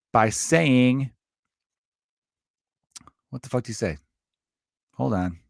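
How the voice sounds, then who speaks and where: A man's voice: mid-range voice, vocal fry, dry recording, clean studio sound. A young man hosting a solo podcast, talking in a rambling, profane and jokey way. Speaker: podcast host. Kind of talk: casual solo podcast talk.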